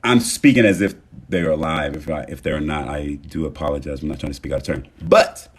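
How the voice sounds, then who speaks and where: A man hosting a casual motivational livestream, talking straight to his viewers and thanking them, swinging between loud emphasis and soft murmurs. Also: a bass voice, fairly quick. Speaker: livestream host.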